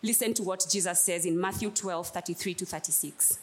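A woman's voice: on the low side, steady tone, a little fast, hardly any pauses. A woman preaching a sermon, telling a personal story in an emphatic way and repeating key phrases.

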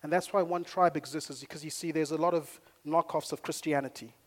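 Male pastor, sermon delivery, lively storyteller, slightly high pitch, punches key lines loudly. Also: a little fast. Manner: energetic, storytelling, rising to loud emphasis. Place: church in Nairobi.

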